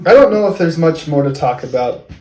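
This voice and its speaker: A man's voice: a little high, expressive, brisk, a little mellow. A man co-hosting a casual movie review, giving blunt, firm opinions. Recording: roomy room sound.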